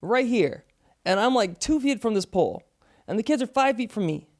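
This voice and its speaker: A man in his thirties, a podcast co-host in casual chat, telling a story with lively acted-out sounds. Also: high-pitched, moderate pace. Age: 30s. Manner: animated storyteller, acts out voices and screams.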